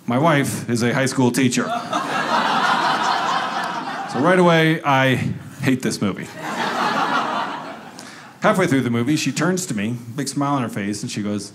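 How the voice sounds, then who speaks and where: A man's voice: medium pitch, animated, a little slow, pauses often, very noisy. A male comedian telling a stand-up story in a conversational way, acting out quotes.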